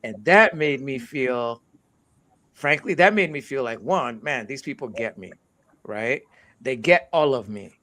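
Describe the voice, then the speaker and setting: A man's voice: mid-range voice, lively intonation, unhurried, sharp tone. A man born in the United States and raised in Nigeria, telling a personal story in a casual conversation with earnest reflection and frequent restarts. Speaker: co-host.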